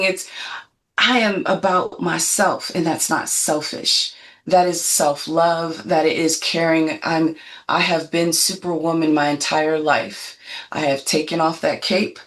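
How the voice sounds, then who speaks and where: A woman's voice: lowish voice, fairly bright tone. A woman in her fifties, a guest on a panel chat, telling stories in an emphatic, self-assured way. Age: 50s.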